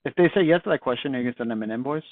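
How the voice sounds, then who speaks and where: A man's voice: mid-range voice, animated, racing, dry recording. Man coaching cold calls, tinny audio. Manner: conversational, acts out sample phone lines. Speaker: sales trainer. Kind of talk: casual training talk. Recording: dry, tinny phone-like audio.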